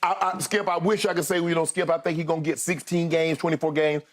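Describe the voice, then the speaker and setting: High-voiced emphatic man debating sports. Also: steady tone, fast. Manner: emphatic, repetitive, addresses partner by name often. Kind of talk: animated sports debate talk.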